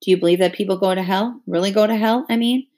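A man's voice: high voice, fast, darkish tone. Casting: grieving ten-year-old boy, read aloud by a woman, storybook reading, own voice. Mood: questioning. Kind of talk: read-aloud novel dialogue.

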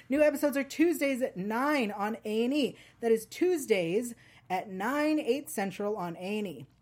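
Woman podcast host, bright-ish register, loose and giggly read. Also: on the high side. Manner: chatty, laughs often, many ums. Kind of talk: casual chat and read ad.

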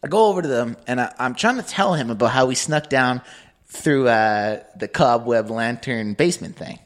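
A man co-hosting a podcast, telling a story in an animated way and acting out the people in it. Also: medium pitch, moderate pace. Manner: animated, acts out voices in his stories. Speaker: podcast co-host. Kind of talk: casual anecdotal storytelling.

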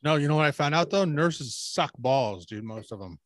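Profane rambling man, slightly high voice. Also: expressive, normal speed, dry recording. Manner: profane, rambling, mimics people in quoted asides. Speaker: podcast co-host. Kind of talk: crude casual chat.

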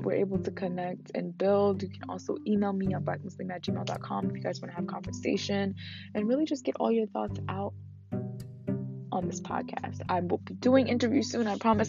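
A woman's voice: mid-range voice, creaky, dull audio. Emotional woman hosting a podcast. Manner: earnest and emotional, with pauses. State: fasting. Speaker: podcast host. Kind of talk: reflective solo podcast talk.

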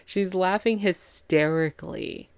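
Female podcast host, low gravelly voice, dry close sound, casual chatty recap. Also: a little slow, no echo. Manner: chatty, laughs often, acts out characters' lines. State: tired after a long day. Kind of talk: casual chat.

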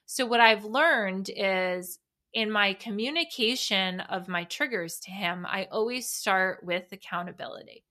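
A woman's voice: mid-range voice, a little slow, sharp tone. A woman hosting a solo podcast, talking candidly and reflectively in a loose, conversational way with frequent restarts. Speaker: podcast host.

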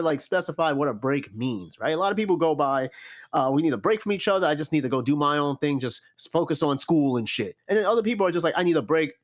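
A young man hosting a casual solo podcast, giving blunt, profane advice on listener questions. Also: fairly high pitch. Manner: blunt, animated, profane, repeats "I'm gonna tell you right now".

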